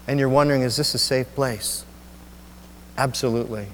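A male pastor preaching a sermon, telling a personal story in an emotional, halting way with many restarts. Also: fairly high pitch, big-room sound, slight background noise. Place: church sanctuary.

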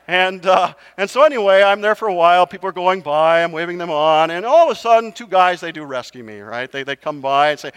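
A man's voice: fairly high pitch, a little fast, hardly any pauses, clear, resonant tone, big-room sound. A middle-aged male pastor telling a funny, self-mocking story in a sermon, often checking in with "right?". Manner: animated, self-mocking, talks to the crowd with repeated "right?".

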